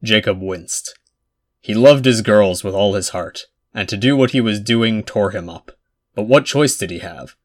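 A man narrating a fan fiction chapter aloud in a measured storytelling manner. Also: on the low side. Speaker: audiobook narrator.

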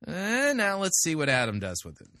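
A man's voice: fairly high pitch, wildly swooping pitch, normal speed, pushed and bright, no echo, studio quality. A man hosting a show, giving blunt, sarcastic commentary on a sermon. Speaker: podcast host critiquing sermons. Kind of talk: casual commentary.

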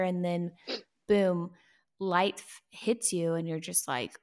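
A woman's voice: on the low side, steady tone, normal speed, a little mellow. Encouraging woman interviewer. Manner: encouraging, frequent agreement. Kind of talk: interview conversation.

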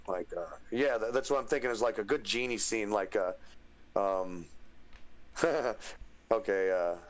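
Lowish american-sounding guy chatting on stream, rambly, says um and like a lot. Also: a little slow. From United States. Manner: rambling, many fillers and restarts, breaks into voices. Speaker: streamer doing voice impressions. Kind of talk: casual stream chat.

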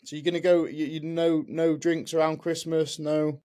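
A man's voice: a little high, flat delivery, normal speed, dark tone. A man co-hosting a casual podcast chat, teasing his friend and calling him mate. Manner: teasing, says "mate" a lot. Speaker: podcast co-host.

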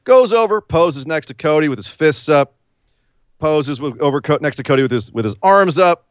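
Casting note: male host, lively pitch, wry and rambling, dry lo-fi sound. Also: normal speed, clean tone, no room sound. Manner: rambling, wry, throws in silly voices. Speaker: podcast host. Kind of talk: casual chat.

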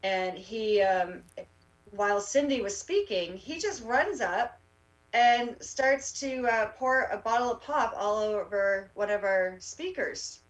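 A woman, a rally organizer, tells her story in a casual interview, halting often with fillers and restarts. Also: mid-range voice, far from the mic, rough recording. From Canada.

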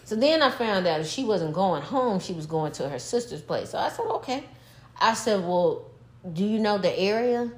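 A middle-aged woman telling a story in casual chat, animated and profane, breaking into laughter. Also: mid-range voice, normal speed. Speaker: podcast co-host, mother.

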